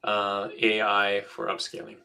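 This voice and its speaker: Easygoing man with a lowish voice. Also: completely flat delivery, unhurried, creaky, sharp tone. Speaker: podcast co-host. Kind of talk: casual podcast chat.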